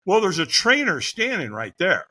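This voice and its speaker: A middle-aged man with a high, bright voice tells his story as a podcast guest, his pitch swooping up and down. He acts out what people said and laughs easily as he goes. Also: normal speed. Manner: animated, vivid storyteller who acts out quotes and laughs often. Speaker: guest, fire captain.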